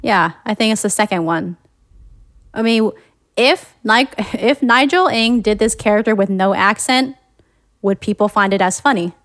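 A woman in relaxed conversation, weighing her words in a thoughtful, measured way and offering soft murmurs of agreement as she listens. Her voice sits at an ordinary pitch, recorded close and dry. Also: no echo. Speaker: podcast co-host. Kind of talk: casual discussion.

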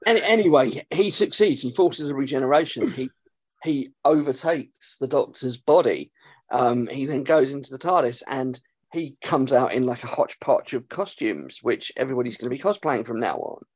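A man, hosting a podcast and recapping an episode in a casual, sarcastic way, swearing freely and filling pauses with um. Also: medium pitch, animated, husky, dry recording. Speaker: podcast host.

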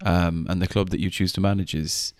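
Podcast guy with a really deep voice, dry close sound, easygoing and a bit hesitant. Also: fairly even intonation, fairly quick, a little mellow, no echo. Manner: easygoing, hesitant explaining with fillers. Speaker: podcast co-host. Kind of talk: casual podcast chat.

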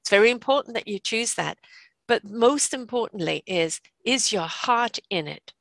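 A woman's voice: a little high, animated, normal speed, gravelly, fairly bright tone, dry recording. A woman hosting an interview, chatting casually and encouraging her guest. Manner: encouraging, frequent affirmations. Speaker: interview host.

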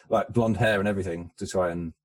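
Low-voiced man in halting film chat. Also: steady tone. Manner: halting, repeats words as he searches for them. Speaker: podcast co-host. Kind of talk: casual film discussion.

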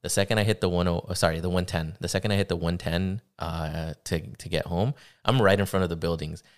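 Low-voiced young man telling a story. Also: steady tone. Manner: halting, many fillers and restarts. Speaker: podcast guest. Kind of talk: casual conversation, personal story.

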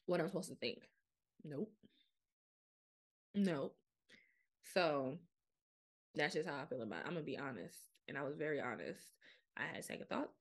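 A young adult woman hosting a podcast, talking frankly and casually to her listeners, full of fillers and quoted self-talk. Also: low voice. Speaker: podcast host. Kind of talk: candid solo podcast monologue.

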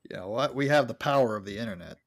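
A man with a mid-pitched, lively voice hosts a podcast among friends. He rambles and restarts as he talks, laughing often. The sound is dry and close. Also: quick pace, no room sound. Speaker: podcast host, book reader. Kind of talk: casual chat.

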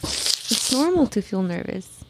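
A woman's voice: a little high, big pitch swings, unhurried, slight background noise. A woman co-hosting a podcast in casual chat, upbeat, direct and reassuring, in a studio booth. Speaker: podcast co-host. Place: recording booth.

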